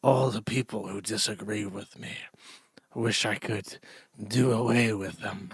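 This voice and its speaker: A man voicing an imagined seething, hateful British man in a low menacing mutter. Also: fairly even intonation, a little slow, husky, no echo.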